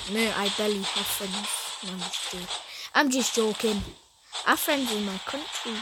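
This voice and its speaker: Slow-talking young woman gaming streamer. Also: on the high side, very noisy. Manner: chatty, self-mocking, laughs often. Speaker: gaming YouTuber. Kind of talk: casual gameplay commentary.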